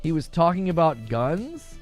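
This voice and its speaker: Middle-aged male streamer, casual chat, slightly high and very lively delivery, light music bed. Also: a little slow. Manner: animated, conversational, chuckles often. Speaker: gaming livestream host. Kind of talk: casual livestream chat reading viewer comments.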